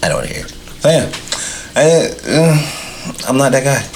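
A man in casual podcast chat, telling stories in a blunt, profane, animated way. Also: mid-range voice, normal speed, background noise. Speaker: podcast co-host.

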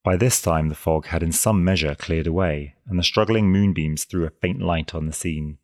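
Low deep male narrator reading an old novel, steady storytelling, dry close recording. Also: normal speed, no echo. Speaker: audiobook narrator. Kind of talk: scripted narration.

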